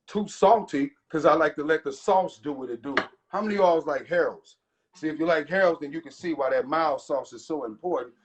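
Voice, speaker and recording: A man hosting a casual cooking show from his home kitchen, chatting loosely and talking straight to his viewers. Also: a little high. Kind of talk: casual live cooking chat. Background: faint jazz music.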